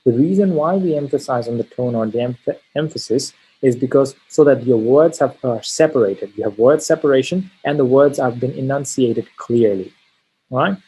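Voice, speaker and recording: A man gives a spoken test-prep lesson on exam pronunciation, explaining step by step, stressing key words and often checking in with "all right?". His voice is medium-pitched, mellow and husky at normal speed, over soft background music in a low-quality recording.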